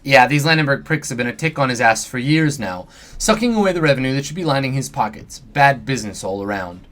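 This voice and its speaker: A man's voice: medium pitch, very animated, fast, fairly bright tone. A man voicing an impatient, exasperated male fixer with a sarcastic manner. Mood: irritated. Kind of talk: reading game dialogue aloud.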